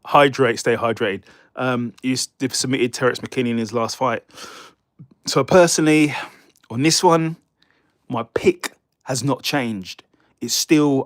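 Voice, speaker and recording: A man's voice: mid-range voice, steady tone, moderate pace, dry recording. Male streamer, loose chatty delivery, trips over names, dry mic. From United Kingdom. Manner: rambling, stumbles over fighter names, chats with viewers. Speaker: livestream host. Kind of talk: casual live-stream fight predictions.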